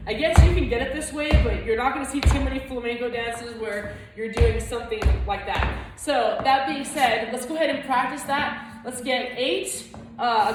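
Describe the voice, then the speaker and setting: A woman teaching a flamenco footwork lesson, explaining technique and counting beats aloud as she dances. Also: sits high. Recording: echoey room, far from mic, loud music.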